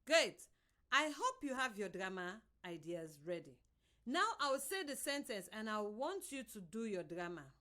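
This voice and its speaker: A woman teacher from Sierra Leone giving a slow, drawn-out primary reading lesson on radio. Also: medium pitch, sing-song, pushed and bright. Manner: slow, drawn-out classroom instructions.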